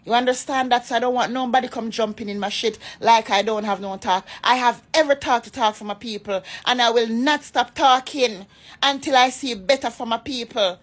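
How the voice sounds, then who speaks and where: A woman's voice: on the high side, fairly quick. A woman from Jamaica with a Jamaican accent that slides into patois, giving an impassioned, emphatic rant that scolds her critics. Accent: Jamaican, shifting into patois. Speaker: vlogger. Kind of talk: political rant to followers.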